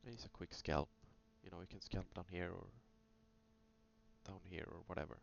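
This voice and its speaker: Low, gravelly male voice, casual and meandering, on a muffled recording. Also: fairly even intonation, moderate pace. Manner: thinking aloud, loose, with many fillers. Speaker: trader reviewing chart trades. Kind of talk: casual screen-recorded trading review. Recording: dull lo-fi sound with faint hum.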